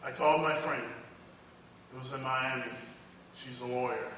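A man preaching a sermon in a church sanctuary, telling stories emphatically and swinging between loud peaks and hushed passages. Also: medium pitch, fairly even intonation, unhurried, slight background noise. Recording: echoey hall from far off.

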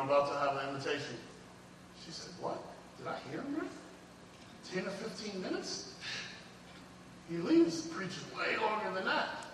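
Preacher, male, bright sharp voice, off-mic in a big reverberant church, loud and quiet by turns. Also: on the high side, a little hiss or hum. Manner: swings from loud emphatic preaching to hushed quoted dialogue. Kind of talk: sermon storytelling. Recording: echoey hall from far off, faint ambience.

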